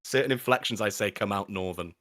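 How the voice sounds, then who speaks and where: Lively Welsh man, low voice. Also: fast talker, dry recording, studio quality. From Wales. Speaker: voice actor. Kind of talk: casual chat on a live stream.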